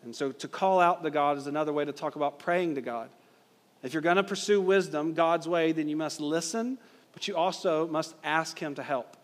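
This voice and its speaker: A man preaching from the pulpit in a voice a touch higher than most men's. He is emphatic and builds intensity with rhetorical questions. His words trail off into the long reverb of a large hall. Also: normal speed. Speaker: pastor. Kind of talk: sermon.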